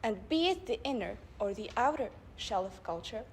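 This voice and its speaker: A young woman delivering a public speech at a debate club event, building her points with rhetorical questions and measured emphasis. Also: on the high side, animated, darkish tone, a little hiss or hum. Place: live event before an audience.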